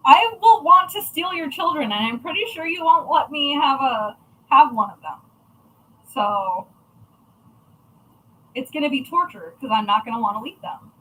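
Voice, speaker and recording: A woman's voice: high-pitched, expressive, normal speed, long pauses, sharp tone, poor audio. A young adult woman chatting casually to viewers, blunt and chatty with frequent swearing. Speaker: crafting channel host.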